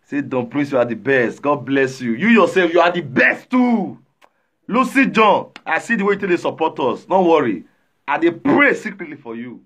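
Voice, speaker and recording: A man with a Nigerian accent, chatting live and reading viewer comments aloud, animated, often shouting and repeating himself. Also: a little high, normal speed. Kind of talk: casual live-stream chat.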